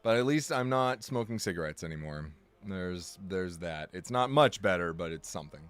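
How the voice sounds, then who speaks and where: A low, resonant, clear male voice speaks expressively at a moderate pace, faint music in the background. He's streaming a game live and chatting casually, drifting, correcting himself, and starting over often while joking, overstating things, and poking fun at himself.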